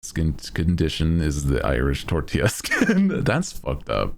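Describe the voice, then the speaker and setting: A man's voice: extremely low pitch, big pitch swings, slow pace, gravelly, few pauses. A man streaming and chatting casually with his viewers in a playful, self-mocking way, laughing often. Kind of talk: casual chat.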